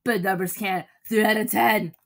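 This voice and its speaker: A woman's voice: mid-range voice, steady tone, normal speed, gravelly, lightly acted. A woman voicing a cocky, rude male hedgehog from a game, delivering insulting punchlines. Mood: smug.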